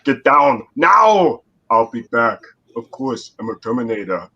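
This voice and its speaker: A man impersonating a gruff action-movie tough guy, barking clipped one-liners. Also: mid-range voice, big pitch swings, a little slow, sharp tone, lo-fi sound, full character voice.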